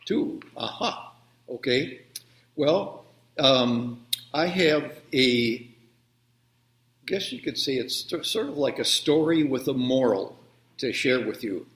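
A male pastor giving a gentle, unhurried children's sermon and prayer over a video call. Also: medium pitch, animated. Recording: roomy echo.

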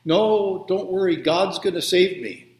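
A man's voice: mid-range voice, unhurried, fairly bright tone. A man doing a devout, stubborn flood victim. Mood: insistent. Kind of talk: storytelling a children's sermon. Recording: roomy echo.

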